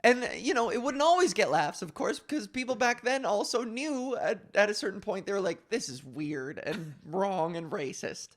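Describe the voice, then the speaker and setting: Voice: medium pitch, animated. Young comedian host rambling thru a story, swears a lot, slips into silly voices, casual podcast chat. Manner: profane, rambling, drops into quick put-on voices.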